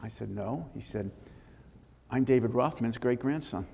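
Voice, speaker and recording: An older man, an author, telling lively anecdotes with restarts in a live interview before an audience. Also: medium pitch, moderate pace, vocal fry, slight background noise. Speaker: author and former congressman. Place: synagogue hall before an audience. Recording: long reverb of a hall.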